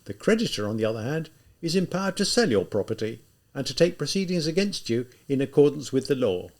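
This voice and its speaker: A man's voice: medium pitch, sing-song, a little fast, darkish tone. A man doing an officious office clerk. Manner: bureaucratic, reciting procedure. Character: male office clerk, officious and matter-of-fact.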